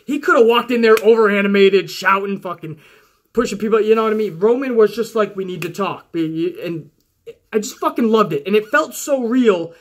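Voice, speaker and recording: A man giving a casual, profanity-heavy recap of a wrestling show as its regular reviewer, ranting excitedly. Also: sits high, brisk.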